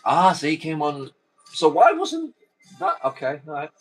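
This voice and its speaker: A man's voice: fairly high pitch, huge pitch swings, measured pace, slightly rough, poor audio. A man hosting a watchalong, calling a football video game live with chatty, rambling asides. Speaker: host.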